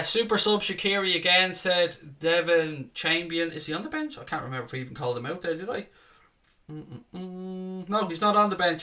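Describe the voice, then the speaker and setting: A man's voice: a little high, bright, forceful tone. A man hosting a casual live stream, chatting, swearing freely and reading out viewer comments.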